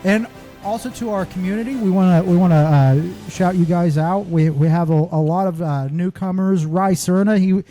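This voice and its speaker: A man's voice: sits high, normal speed, warm tone, faint music behind. A man, co-hosting a podcast in a rambling casual way with many restarts. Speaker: podcast co-host.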